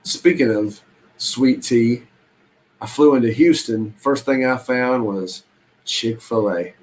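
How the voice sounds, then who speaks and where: A man's voice: mid-range voice, poor audio. A man chatting casually on a live stream about reselling, rambling in a folksy way with lots of ums and restarts. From Southern United States.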